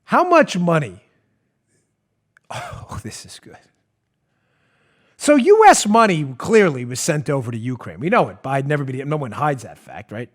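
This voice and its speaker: A man's voice: a little high, brisk, few pauses. A male podcast host delivering an emphatic, sarcastic opinion monologue. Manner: emphatic, sarcastic, animated ranting. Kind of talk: opinionated talk show monologue.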